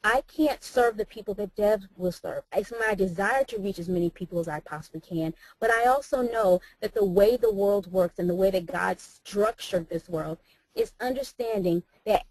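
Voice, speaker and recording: A woman's voice: mid-range voice, lively intonation, normal speed, darkish tone, no echo, rough recording. American woman talking on a group call, earnest and encouraging, dry close sound. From United States. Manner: earnest, encouraging, faith-filled. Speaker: guest speaker, mentor.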